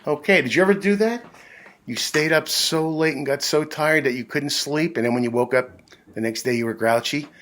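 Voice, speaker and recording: A man reading a children's picture book aloud in a gentle, drawn-out, expressive way, then chatting to the kids. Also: a little high. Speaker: storyteller for children.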